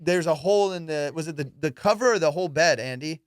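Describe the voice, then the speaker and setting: A podcast host spins a rowdy story in loose, profane chat and jumps into his friends' voices as he goes. His voice sits a little high and is smooth and clear. The sound is dry and close to the mic. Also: quick pace, no echo. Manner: profane, animated storyteller who acts out friends' lines.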